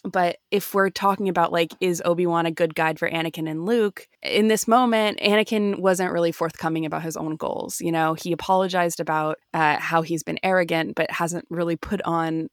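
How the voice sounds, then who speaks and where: A woman chats eagerly on a podcast and works through her ideas as she goes. Her voice is low and gravelly. The recording is close and dry. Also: steady tone, moderate pace, few pauses, dry recording. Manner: enthusiastic, thinks aloud. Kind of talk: casual discussion.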